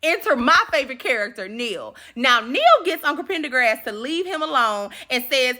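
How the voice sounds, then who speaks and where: Lively, bright-voiced woman recapping a movie. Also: high-pitched, normal speed, few pauses. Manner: animated, slangy, profane, laughing asides. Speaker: movie commentary host. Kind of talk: casual movie recap commentary.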